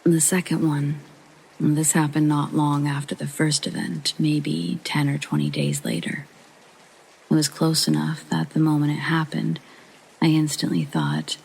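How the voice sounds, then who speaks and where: A narrator reading a first-person paranormal story in a soft whispered sleep-story style, with a breathy half-whisper. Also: medium pitch, poor audio.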